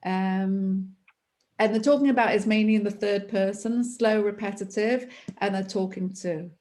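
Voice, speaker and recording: A woman trainer walks a group through a method, talking slowly and repeating herself with patience. Her voice sits in a middle register, calm and steady, as she guides students through each step of an online session. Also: medium pitch. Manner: slow, repetitive, patient explaining. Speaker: therapy trainer.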